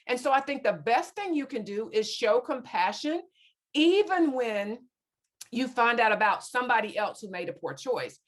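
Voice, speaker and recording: A woman's voice: a little high, expressive, moderate pace. A woman speaking earnestly to a parents' group, retelling conversations with students and quoting them at length. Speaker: guest speaker on parenting teens. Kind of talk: storytelling talk to a parents' group.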